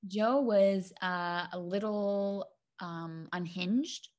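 A woman's voice: medium pitch, extremely slow, a little mellow. A young woman co-hosting a podcast, chatting casually, swearing freely and filling with "like" and "um". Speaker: podcast co-host.

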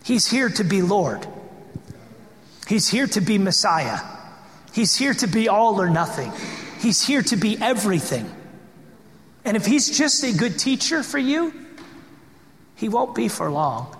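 A man's voice: high-pitched, very animated, unhurried, long pauses. A man pastor delivering an impassioned, emphatic sermon full of rhetorical questions, in a church sanctuary. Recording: echoey hall with long reverb.

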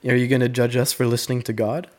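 A man's voice: medium pitch, flat delivery, fast. A man with a sick voice, hosting a casual podcast interview in a friendly, loose manner with hesitant fillers. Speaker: podcast host.

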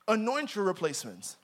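Young man, sermon, high-pitched voice, dramatic swings between loud and hushed, church preacher. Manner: dramatic, swings from loud emphasis to quiet asides.

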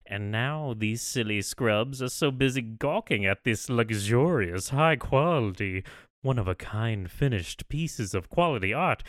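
A man's voice: mid-range voice, a bit bright, no room sound, clean studio sound. A man voicing a scheming, theatrical sorcerer villain who gloats as he reads an ad.

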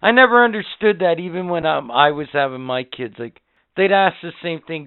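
A middle-aged man cohosting a casual podcast, giving blunt, profane fatherly advice that swings between muttered asides and loud outbursts. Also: fairly high pitch, lively intonation, brisk, clear, resonant tone, no room sound. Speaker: podcast co-host. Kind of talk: casual crude banter. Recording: tinny phone-like lo-fi audio.

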